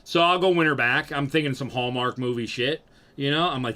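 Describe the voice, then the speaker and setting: A young man casually telling a profane, animated story about himself and acting out what people said. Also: medium pitch, brisk. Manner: animated, profane, acts out quotes.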